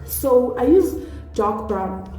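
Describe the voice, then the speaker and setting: A woman from South Africa hams up a Nigerian accent as she talks through a makeup tutorial, chatty and quick to poke fun at herself. Her voice sits a little high but stays mellow and warm. It is recorded in an echoey room with faint music underneath. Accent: put-on Nigerian. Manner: chatty, excitable, self-deprecating. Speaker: beauty vlogger.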